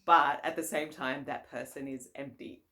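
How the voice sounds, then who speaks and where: A woman's voice: rumbling low, steady tone, normal speed, sharp tone. A woman, a Buddhist nun and teacher, giving a casual, conversational dharma talk, often laughing and circling back with fillers and restarts.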